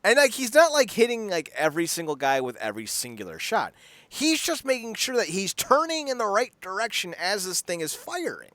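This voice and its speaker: Animated, bright-voiced podcast guy. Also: high voice, a little fast, dry recording. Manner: animated, profane, rambling with many restarts. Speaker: podcast co-host. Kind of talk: casual chat.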